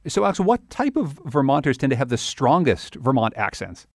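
A man's voice: mid-range voice, big pitch swings, normal speed, dry recording, clean studio sound. A man hosting a radio interview, asking curious questions. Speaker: radio host.

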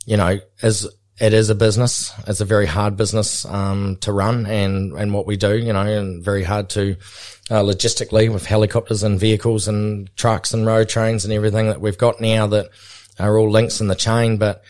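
Laid-back Kiwi man, low and flat. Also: moderate pace. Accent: New Zealand. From New Zealand. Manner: laid-back, rambling with many fillers. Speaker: guest, bull catcher and helicopter pilot. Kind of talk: podcast interview.

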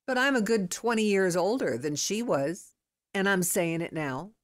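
A woman in her fifties hosting a podcast, talking in an excitable, rambling, emphatic way as she gives motivational advice. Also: medium pitch, normal speed. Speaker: podcast host.

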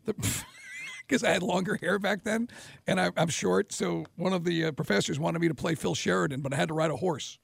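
Male sports radio host, husky, animated, storytelling. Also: high-pitched, fairly quick. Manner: animated storytelling, laughing often. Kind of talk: casual sports radio chat.

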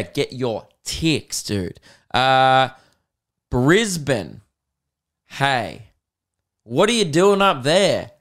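An Australian man in his twenties hosts a podcast in a casual, chatty way, spinning easygoing stories that make fun of himself. His mid-range voice sounds a bit bright.

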